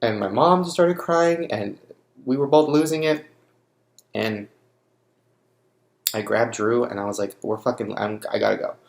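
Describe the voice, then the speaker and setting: Grieving young man, gravelly and halting. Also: mid-range voice, roomy sound. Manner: grieving, halting, restarts often. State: shaken by grief. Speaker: vlogger. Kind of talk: emotional personal vlog.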